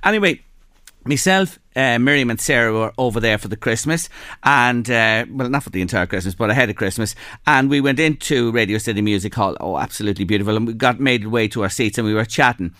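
An Irish man hosting a radio show, telling stories in a chatty, animated way. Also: mid-range voice, fast talker, no echo, clean studio sound. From Ireland. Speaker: radio host. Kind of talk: casual radio chat.

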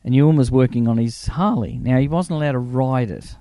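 Animated man telling stories. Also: medium pitch, a little fast, no room sound. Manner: animated anecdotes, acts out quoted voices. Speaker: film crew member, guest. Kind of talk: casual interview storytelling.

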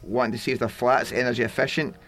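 A man's voice: mid-range voice, steady tone, fast, fairly bright tone. A man chatting casually on a podcast, joking and swearing as he talks. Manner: swearing, jokey, laughing. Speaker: podcast co-host. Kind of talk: casual chat.

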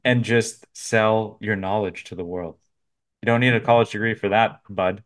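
A man's voice: fairly low pitch, fairly even intonation, moderate pace. A man co-hosting a podcast in casual comedic banter, laid-back, setting up bits and laughing often. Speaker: podcast co-host.

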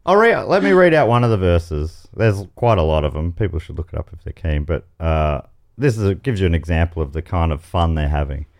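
A man's voice: low-pitched, a little fast. An Australian man hosting a comedy game show podcast, reading out quiz questions with playful asides. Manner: playful, reads questions aloud with animated asides. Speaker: host.

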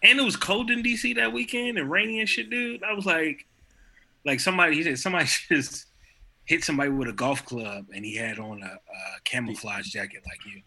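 A man's voice: fairly high pitch, brisk, bright, forceful tone. A man chatting casually on a podcast in loose, slangy speech. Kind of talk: casual chat.

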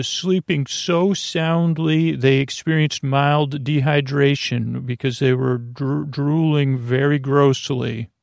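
Brief: man playing a scatterbrained on-scene news reporter, gravelly delivery. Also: medium pitch, no echo, studio quality. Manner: rambling, self-correcting newsreader patter. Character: bumbling male live news reporter.

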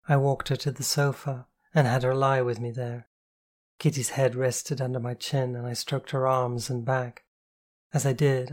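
A woman reading a novel aloud in the first person, calm, slow and intimate. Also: very deep voice. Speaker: audiobook narrator.

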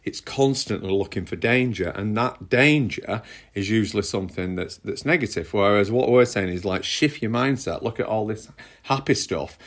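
A man's voice: fairly low pitch, moderate pace. A middle-aged man with a northern English accent, co-hosting a casual chat and talking in a rambling, conversational way with restarts. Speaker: podcast co-host.

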